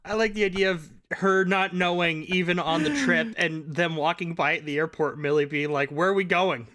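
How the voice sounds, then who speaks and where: Bright, high-voiced joking man. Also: fairly even intonation, normal speed. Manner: playful, teasing, joking. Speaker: podcast co-host. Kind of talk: casual chat.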